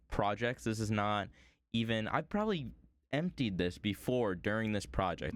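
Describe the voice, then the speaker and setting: A man's voice: on the low side, clear, resonant tone, no room sound. A man streaming himself woodcarving at home, chatting to viewers in a rambling, playful way. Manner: rambling, playful, talks to chat. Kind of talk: casual chat while woodcarving.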